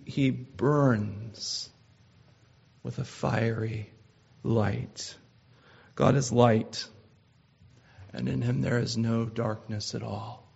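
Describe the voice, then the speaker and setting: A man preaching a sermon in a measured, earnest way, with frequent "uh" restarts. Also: medium pitch, vocal fry, darkish tone, husky. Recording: slightly dull lo-fi sound.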